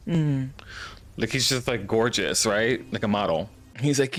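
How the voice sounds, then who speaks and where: A man talking casually as he reacts on camera. His voice sits at an ordinary pitch. He chats loosely and laughs often, and he slips into quick mock voices for the characters. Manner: animated, laughing, mimics characters in quick asides. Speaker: reaction video host.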